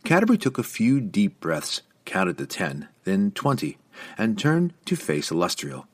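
Low-voiced man narrating a fantasy novel. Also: wildly swooping pitch, measured pace, husky, no echo. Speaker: audiobook narrator.

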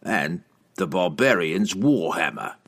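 A man voicing a grim, cunning male assassin in an audiobook, speaking in a low, measured way. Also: lively intonation, fairly bright tone, full character voice.

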